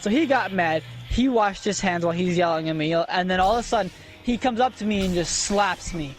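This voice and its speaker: A young man in a casual voice chat with friends, telling an animated story, swearing freely and getting defensive. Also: high voice, a little fast, faint music behind.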